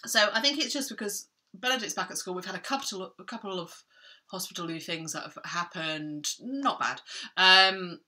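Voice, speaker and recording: Bright, chatty woman. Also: fairly low pitch, moderate pace. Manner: rambling, self-interrupting, chatty. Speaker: book vlogger. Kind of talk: chatty book vlog.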